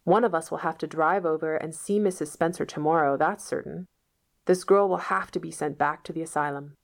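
A woman reading the part of a stern, sharp-tongued middle-aged spinster who speaks curtly and scolds. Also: sits low, steady tone, fairly quick, gravelly. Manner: curt, wrathful, scolding.

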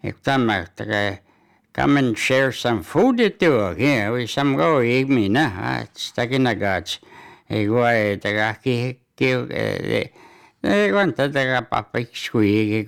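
A man giving community announcements and hockey news, speaking haltingly with many fillers and restarts. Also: on the low side, vocal fry.

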